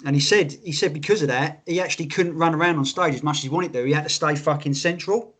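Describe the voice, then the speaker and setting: Man, slightly high voice, lively sweary podcast co-host, casual chat. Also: fast talker. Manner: animated, sweary, tells stories with quoted voices.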